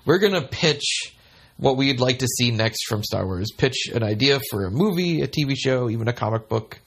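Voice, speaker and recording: Podcast host, male, somewhat husky, playful and quick to laugh. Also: medium pitch, animated, fairly bright tone. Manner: joking, laughs often. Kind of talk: casual chat.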